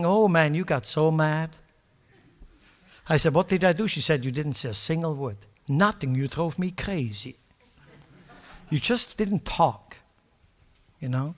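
An older man preaching a sermon with passion, moving from quiet asides to loud declarations. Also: fairly high pitch. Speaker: pastor. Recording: long hall reverb.

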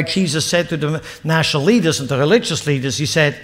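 Male preacher, fairly high voice, loud emphatic sermon delivery, long hall reverb. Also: animated, quick pace, hardly any pauses. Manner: swings from loud emphatic peaks to low explanatory asides. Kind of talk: sermon reading and explaining scripture.

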